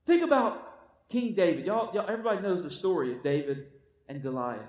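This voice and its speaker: A man's voice: sits high, lively intonation, a little fast, darkish tone. A man preaching a sermon, exhorting his listeners with repeated calls of "come on" and acting out the quotes he tells. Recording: echoey room from far off.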